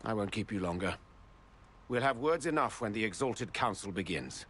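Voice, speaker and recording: A stern noble envoy. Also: male voice, on the low side, animated, normal speed, a bit bright, husky. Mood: formal. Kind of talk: video game dialogue.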